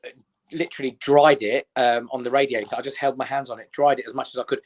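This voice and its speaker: A man's voice: medium pitch, fast talker. A middle-aged man, a comedian telling stories in casual chat and acting out the people in them. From England. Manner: animated anecdotes, acts out quoted voices. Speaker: comedian guest.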